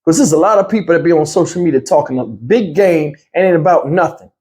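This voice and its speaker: A man's voice: on the high side, fast, a little mellow. A man hosting a reaction channel, talking in a blunt, heated, slangy way straight to his viewers. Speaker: commentary channel host. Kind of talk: casual reaction commentary.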